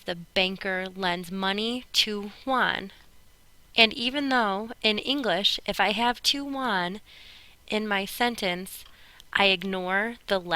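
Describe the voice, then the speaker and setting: A woman's voice: mid-range voice, bright, forceful tone, clear, resonant tone, low-quality recording. A woman teaching a recorded Spanish grammar lesson, chatty and upbeat, speaking straight to her students. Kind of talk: recorded classroom lesson narration.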